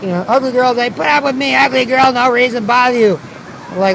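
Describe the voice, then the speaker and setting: A man's voice: extremely high pitch, brisk, creaky, a bit bright, muffled recording, a little hiss or hum. A man vlogging outdoors at a city square, talking in a rambling, repetitive way with many restarts. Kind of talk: casual outdoor monologue.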